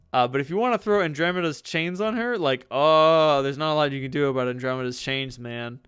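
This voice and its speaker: A man's voice: fairly high pitch, bright, forceful tone, smooth, no room sound. A man running a tabletop game as game master, talking casually with profane dry jokes. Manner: casual, profane, dryly joking.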